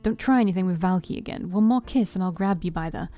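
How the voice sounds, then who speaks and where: A woman's voice: fairly low pitch, fast, warm tone, natural voice. A woman voicing a cheerful, blunt young woman in a visual novel, over faint music. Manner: bubbly, blunt.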